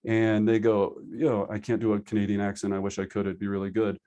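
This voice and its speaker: A man with a lowish voice, working as a real estate sales trainer, teaches a live online class for agents over a video call. He's energetic and conversational, acting out agents' excuses in quick asides.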